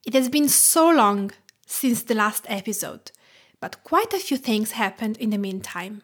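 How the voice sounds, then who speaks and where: Italian woman in her 30s, tuscan, reading her food podcast script, kinda high voice, warm and excited. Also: measured pace. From Tuscany, Italy. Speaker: podcast host, cooking teacher.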